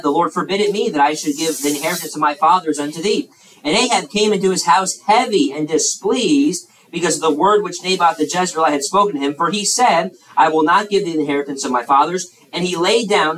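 Youth preacher, male, slightly high voice, lively and stumbling, recorded from off-mic in a roomy hall. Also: far from the mic. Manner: animated, acts out characters, frequent restarts. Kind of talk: sermon to young people.

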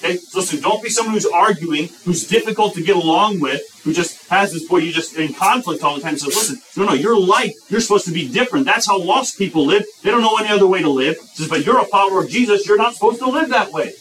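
A man delivers a sermon in a fairly high voice, pressing his points through repetition. He slows right down whenever he quotes scripture. The mic sits at some distance, and a faint hiss runs under his voice. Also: fairly bright tone. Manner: emphatic, repeats phrases, slows for quoted scripture. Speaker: preacher.

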